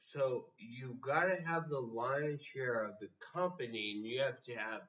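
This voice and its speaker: A man's voice: medium pitch, measured pace, a bit bright, recorded from a distance, muffled recording. A man giving a blunt, profane motivational rant, sounding exasperated. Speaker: motivational speaker.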